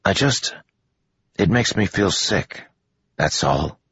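A man playing an anxious teenage boy, halting, a bit higher, husky, dull lo-fi sound. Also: expressive, fairly bright tone, full character voice. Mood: worried. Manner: hesitant, halting. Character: anxious teenage boy, earnest and self-doubting. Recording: dull lo-fi audio.

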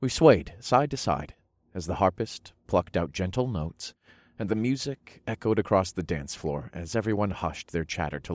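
A man narrating a first-person fantasy audiobook with expressive storytelling, softening for intimate moments. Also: low voice, moderate pace, no room sound, studio quality.

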